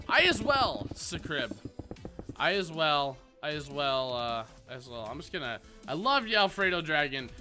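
A man's voice: sits high, sharp tone. A young man rambling through Minecraft commentary as a gaming YouTuber, full of self-mocking jokes. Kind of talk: casual Minecraft let's play commentary.

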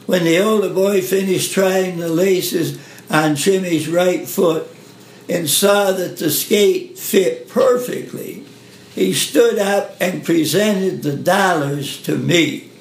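A man with a high, gravelly voice reads a first-person story aloud slowly and gently. The recording has a roomy echo.

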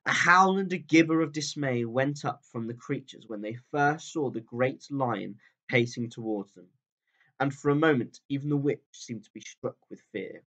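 Man calmly reading a storybook aloud. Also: moderate pace, dull audio. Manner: calm, steady storytelling that drops low at sentence ends. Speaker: teacher reading to pupils. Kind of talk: reading a chapter book aloud.

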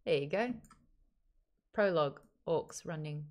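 A woman's voice: medium pitch, sing-song, a little slow, a bit bright. A woman streaming live, reading chat messages and a book aloud in a playful, giggly way.

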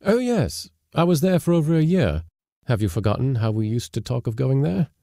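A man's voice: mid-range voice, sing-song, moderate pace, gravelly, dark tone, no room sound, studio quality, pitched above the performer's own voice. A man reading aloud, voicing a wistful woman who recalls an old love in a lifted voice. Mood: eager.

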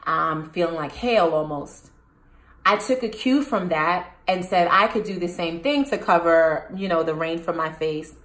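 A woman's voice: on the low side, measured pace, echoey room. A woman hosting her own channel, telling a personal story to the camera and turning to ask the viewers questions. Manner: animated, addresses viewers with questions. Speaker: host.

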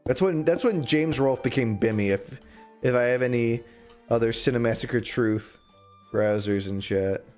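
A man's voice: medium pitch, moderate pace, a little mellow, faint music behind. A young man chatting casually while streaming a game, rambling with jokey, sarcastic asides. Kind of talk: casual livestream chat while gaming.

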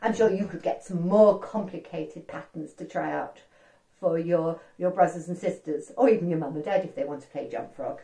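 A woman telling a story to young children, animated and asking them questions as she goes, in a roomy echo. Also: fairly low pitch, normal speed, gravelly.

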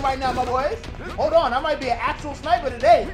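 A man's voice: very high voice, animated, fast talker, music in the background. A young man hosting a gaming video, giving hyped, slangy gameplay commentary and repeating catchphrases in bursts.

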